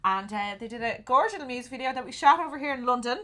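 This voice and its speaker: Irish woman co-host, young, bright-toned and bubbly, jokey banter. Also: sits high. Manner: bubbly, quick agreeing, joking. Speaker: podcast co-host. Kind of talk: casual bilingual chat.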